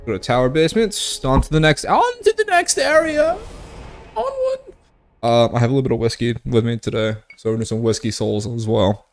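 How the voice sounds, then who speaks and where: A man's voice: medium pitch, fairly even intonation, fast, hardly any pauses, darkish tone, faint music behind. A young man gives loose, swearing commentary while he plays. He has been drinking whiskey and sounds tipsy. He breaks into sudden yelps and jokes at the game in an ordinary mid-range voice. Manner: profane, joking, outbursts at the game. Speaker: gaming streamer. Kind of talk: casual gameplay commentary.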